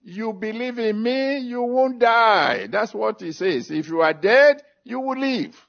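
A man preaching in a slightly high, gravelly voice. He drags out his phrases and hammers on repeated scripture references. The recording sounds dull and lo-fi. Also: animated, slow, fairly bright tone. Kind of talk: sermon with altar call and prayer.

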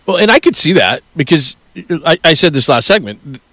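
A man hosting a sports talk show, firing off stats and questions in a brisk way with frequent filler sounds. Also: fairly high pitch, big pitch swings, fairly bright tone, no room sound. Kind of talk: sports talk radio banter.

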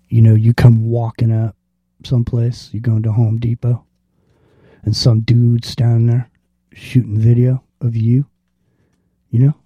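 A man hosting a talk radio show, ranting casually and profanely and acting out street confrontations in quick quoted voices. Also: on the low side, warm tone, husky, no room sound, lo-fi sound.

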